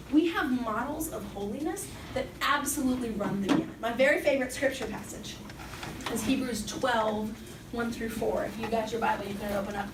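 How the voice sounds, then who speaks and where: A woman speaking to young people at a Catholic summer program, casual and joking as she preaches. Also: fairly high pitch. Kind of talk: faith talk to young people. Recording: echoey room, distant mic, background noise.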